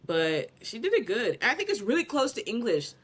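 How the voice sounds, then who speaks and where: A woman's voice: a little high, very animated, normal speed, husky. A woman co-hosting a podcast in casual chat, giving her opinions with emphatic confidence. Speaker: podcast co-host.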